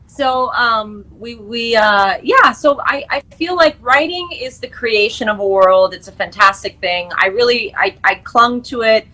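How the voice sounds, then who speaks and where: Young actress-writer gal chatting on a talk show, bright sharp voice, rambly. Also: female voice, on the high side, unhurried, hardly any pauses, poor audio. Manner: chatty, many fillers and restarts, laughs easily. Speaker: guest, actress and screenwriter. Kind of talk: casual interview chat.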